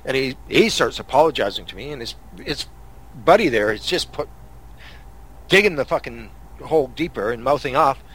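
A man's voice: medium pitch, expressive, normal speed, fairly bright tone, husky. A man from Canada hosting a podcast, telling angry road-rage stories in a profane, casual rant. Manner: angry, swearing storyteller. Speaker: podcast host.

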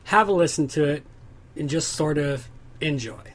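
A man's voice: on the high side, normal speed. A man hosting a podcast, steering the talk casually with plenty of hesitation. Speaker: podcast host. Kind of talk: casual chat, steering segments.

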